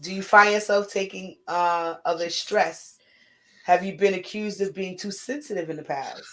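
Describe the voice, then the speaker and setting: A middle-aged woman co-hosting a casual spiritual talk show, telling stories in quick bursts with restarts. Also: lowish voice, steady tone, bright, forceful tone. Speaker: podcast co-host. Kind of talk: casual chat.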